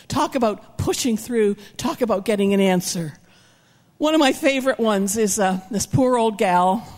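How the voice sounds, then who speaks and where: An older woman preaching a sermon, telling stories animatedly and acting out the people in them with shouts and whispers. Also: on the high side. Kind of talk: sermon storytelling. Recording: reverberant hall.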